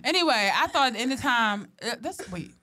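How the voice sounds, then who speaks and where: A woman's voice: fairly high pitch, animated, moderate pace, sharp tone. A young woman co-hosting a podcast in casual chat, blunt and slangy, often laughing. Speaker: podcast co-host.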